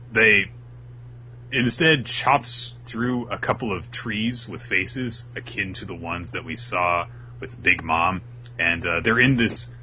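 A man's voice: deep voice, pushed and bright, slight background noise, poor audio. A man co-hosting a podcast, casually retelling an episode with a laid-back, filler-heavy manner. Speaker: podcast co-host recapping anime. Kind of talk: casual chat.

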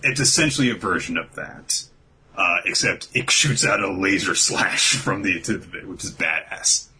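A man's voice: low voice, moderate pace, husky, rough recording. A man hosting a casual chat, recapping a comic's plot in an easygoing way and acting out characters' lines. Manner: animated, acts out characters' lines with laughs. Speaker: podcast host recapping a manga.

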